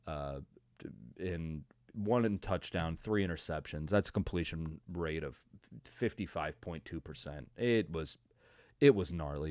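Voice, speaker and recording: A man hosting a podcast, giving a casual, profane football recap that swings from loud frustrated outbursts to low mutters. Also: no echo, studio quality. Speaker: podcast host. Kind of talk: casual ranting sports recap.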